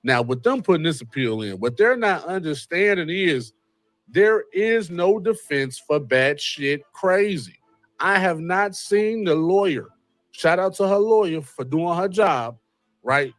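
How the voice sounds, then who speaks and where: A man hosting a casual commentary show, animated and wry, with a repeated catchphrase and joking asides. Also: on the high side, no echo. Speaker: host. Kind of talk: casual commentary on a court case.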